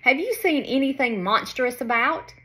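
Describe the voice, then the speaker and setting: A woman's voice: sits high, expressive, moderate pace, sharp tone, pitched above the performer's own voice. A woman voicing a small, earnest young male frog hero in a storybook reading, anxious and eager.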